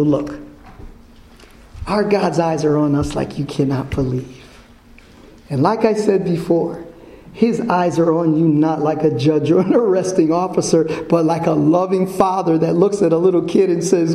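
Preacher guy, high gravelly voice, slow and emphatic, asks the crowd fill-in-the-blank questions, echoey church. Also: warm tone. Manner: quizzes the congregation with fill-in questions. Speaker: pastor. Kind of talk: sermon. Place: church before a congregation.

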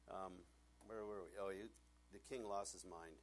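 A middle-aged man, a pastor preaching a sermon in a joking, animated way and acting out the people he quotes. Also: low-pitched, normal speed, a little hiss or hum.

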